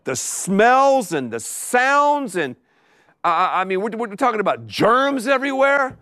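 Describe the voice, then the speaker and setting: A middle-aged pastor preaching a sermon to a live congregation, with animated delivery and emphatic repetition. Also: male voice, high-pitched, unhurried, dry recording, studio quality.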